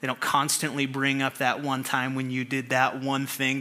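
Bright-voiced man preaching conversationally. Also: medium pitch, monotone, normal speed, hardly any pauses. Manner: conversational preaching with rhetorical questions. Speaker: pastor. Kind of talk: sermon.

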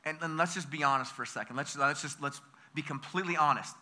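A fast-talking American pastor with a sharp, very bright, high voice preaches with real energy. Question after question goes out to the congregation, and he repeats words and restarts phrases as he drives forward.

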